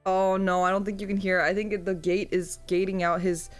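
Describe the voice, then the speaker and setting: A woman's voice: mid-range voice, little pitch movement, a little fast, soft background music. A woman streamer chatting casually and playfully to her viewers and cooing baby talk to her cat.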